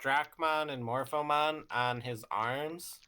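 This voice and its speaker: A man playing in a tabletop game, speaking haltingly. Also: medium pitch, steady tone, bright, forceful tone, clean tone. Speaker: player. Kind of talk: tabletop game play, casual.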